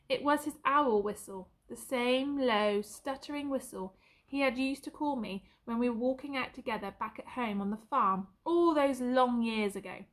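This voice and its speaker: A woman teacher reads a children's novel aloud in an expressive, varied way. Her voice sits a touch high for a woman. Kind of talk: storybook read-aloud.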